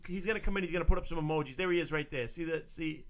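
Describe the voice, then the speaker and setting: A man's voice: a little high, rapid-fire. A man hosting a crude comedy call-in podcast, brash and profane, laughing often. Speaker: podcast host.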